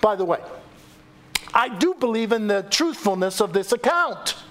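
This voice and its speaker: A male pastor delivering a sermon in a high, expressive voice. His pitch swings widely as he tells the story and acts out the quoted speakers. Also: moderate pace. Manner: animated storytelling preacher, acting out quoted voices.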